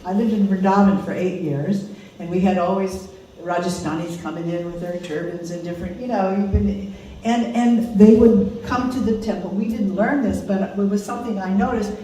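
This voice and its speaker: A woman's voice: mid-range voice, normal speed, few pauses, warm tone, slight background noise. An older woman giving an informal, conversational teaching talk to a small group, laughing often as she speaks. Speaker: course teacher. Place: conference room. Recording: echoey room, mic far off.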